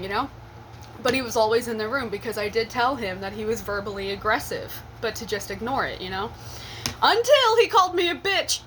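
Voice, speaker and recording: A woman's voice: a little high, expressive, a little fast, fairly bright tone, slight background noise. A young adult woman telling a personal story in a casual storytime vlog, blunt and profane with laughing asides.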